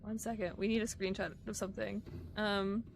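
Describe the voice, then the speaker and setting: A woman's voice: medium pitch, little pitch movement, a little fast, gravelly, faint music behind. A woman streamer chatting casually with her viewers while playing a game live, giggling often. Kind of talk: live-streamed gameplay chat.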